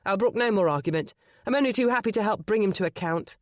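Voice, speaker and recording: Brief: narrator as a blustering, indignant young lord. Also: male voice, high voice, quick pace, dry recording, clean studio sound, close to an everyday voice. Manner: loud, indignant. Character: stern nobleman brother, indignant and stubborn. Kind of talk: audiobook character voice.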